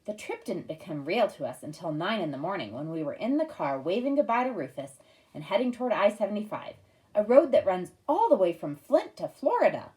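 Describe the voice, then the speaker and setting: Woman, audiobook narrator, wry, expressive, lively pitch. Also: brisk, poor audio. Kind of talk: first-person audiobook narration.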